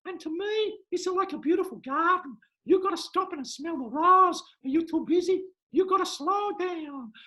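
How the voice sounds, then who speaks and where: A man's voice: very high-pitched, normal speed, sharp tone, pitched above the performer's own voice. A man voicing a theatrical female tea-leaf fortune teller with an exaggerated mystical manner. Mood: dramatic. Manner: exaggerated, sing-song, mystical.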